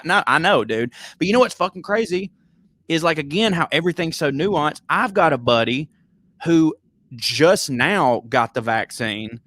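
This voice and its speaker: A man's voice: mid-range voice, dry recording. Profane Southern man on a podcast. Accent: Southern American. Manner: profane, storytelling, animated tangents. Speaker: podcast co-host. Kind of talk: casual comedic chat.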